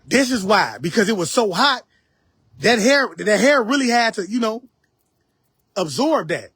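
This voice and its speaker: A man's voice: high voice, very animated, a little slow, a bit bright, breathy edge, dry recording. A man giving a casual spiritual lecture on a live stream, talking straight to his viewers, repeating his points and speaking. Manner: preachy, repeats phrases, addresses viewers directly.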